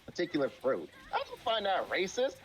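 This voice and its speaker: Man, live stream chat, blunt and profane, emphatic, very lively intonation. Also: on the high side, a little fast, slight background noise. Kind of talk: casual chat.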